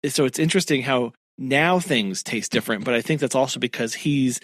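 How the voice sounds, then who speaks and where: A man's voice: mid-range voice, a little fast, fairly bright tone, dry recording. A man co-hosting a casual book discussion, chatty and laughing often as he quotes the characters. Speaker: podcast co-host.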